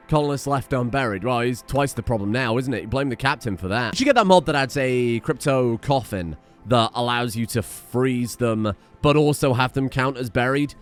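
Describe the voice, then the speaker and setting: Man, game commentary, swears a lot, lively swooping pitch, faint music underneath. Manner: animated, swearing, joking asides to the colonists. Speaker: gameplay commentator. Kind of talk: let's play commentary.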